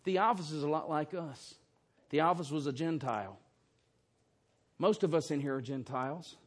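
A man's voice: fairly high pitch, normal speed. A man preaching an expository sermon in a church, emphatic and fond of rhetorical questions. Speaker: pastor. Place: church sanctuary.

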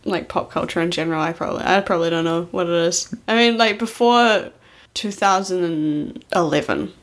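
A woman co-hosts a casual podcast chat with a heavy vocal fry. Her voice is a little hoarse from a recent illness. She talks wryly, swears freely and laughs easily. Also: lowish voice. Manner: wry, swearing, quick to laugh. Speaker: podcast co-host.

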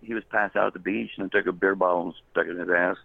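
A man's voice: low-pitched, fairly even intonation, vocal fry, dry recording. A man telling a long story as a guest, rambling and often laughing. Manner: rambling, laughing, quick quoted voices. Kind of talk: casual storytelling. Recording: tinny phone line.

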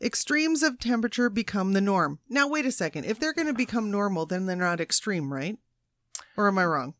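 A woman's voice: medium pitch, lively intonation, brisk, fairly bright tone, dry recording, clean studio sound. A woman co-hosting a casual comedy podcast, reading out news items and teasing her co-hosts in a playful way. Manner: playful, teasing, breaks into laughter. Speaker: podcast co-host.

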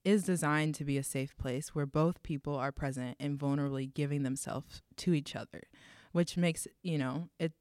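A young woman with a smooth, radio-style voice, talking through ideas in a measured, reflective way. The sound is dry and close, with no room around it. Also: low-pitched, a little mellow, dry recording. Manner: measured, reflective, defines terms. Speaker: co-host. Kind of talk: casual faith discussion.

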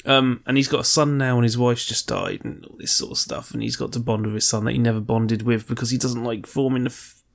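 A man's voice: mid-range voice, fairly even intonation, a little fast, gravelly, hardly any pauses. A man co-hosting a podcast in casual chat, rambling, joking and swearing freely. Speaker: podcast co-host.

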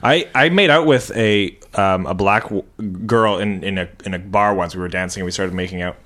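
A man's voice: low voice, brisk, a bit bright. A man in casual podcast chat, telling frank, amused stories. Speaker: podcast co-host.

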